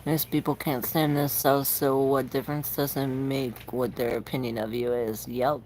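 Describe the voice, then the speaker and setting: A woman's voice: a bass voice, little pitch movement, moderate pace, a little mellow, slight background noise, poor audio. A woman giving a casual, rambling tarot reading on a livestream, repeating herself and swearing now and then.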